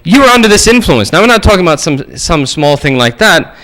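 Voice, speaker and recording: A male preacher giving a storytelling sermon, animated and acting out the voices in his stories. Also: a little high, a little fast, rough recording.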